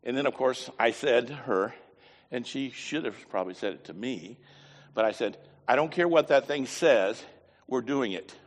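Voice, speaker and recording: A man preaching a sermon, telling a folksy story with lively voiced asides. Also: medium pitch, normal speed, long reverb tail. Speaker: pastor.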